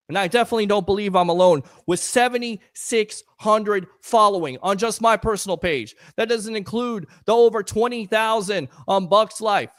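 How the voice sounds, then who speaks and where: A man's voice: high-pitched, no echo, studio quality. A man hosting a live sports talk stream, talking in an earnest, emotional, rambling way while hyping up his audience. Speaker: sports talk show host.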